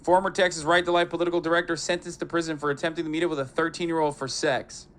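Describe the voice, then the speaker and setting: A man streaming live, giving casual reaction commentary in a sarcastic, profane, animated way. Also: a little high, racing, a little hiss or hum.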